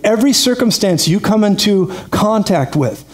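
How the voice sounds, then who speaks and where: High-pitched, energetic male preacher. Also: normal speed. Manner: energetic, laughs often, calls out "praise God". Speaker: pastor. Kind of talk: sermon.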